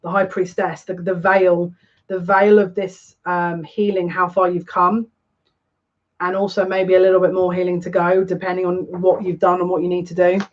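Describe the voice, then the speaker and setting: A woman giving a live tarot card reading, musing aloud in a halting way and repeating words as she searches for meaning. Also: on the low side, level tone, muffled recording. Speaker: psychic tarot reader.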